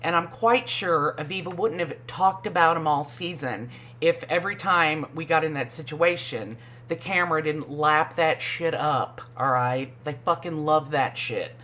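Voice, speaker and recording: A woman recapping a reality show in casual, profane commentary, sarcastic and mocking. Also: fairly bright tone. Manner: sarcastic, swears a lot, mimics people in high voices.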